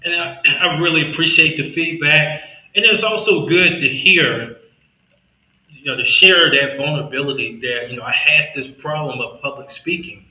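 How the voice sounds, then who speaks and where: A man's voice: a little high, normal speed, bright, forceful tone, reverberant, low-quality recording. A man from Mississippi with a Southern accent and a slight lisp, hosting a podcast in earnest, motivational casual conversation. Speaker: podcast host.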